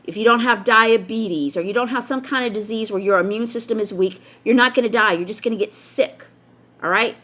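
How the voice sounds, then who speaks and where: Blunt, bright-voiced lecturing woman. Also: on the high side, brisk. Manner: blunt and lecturing, keeps asking "all right?". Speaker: vlogger. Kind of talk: opinionated talk to camera.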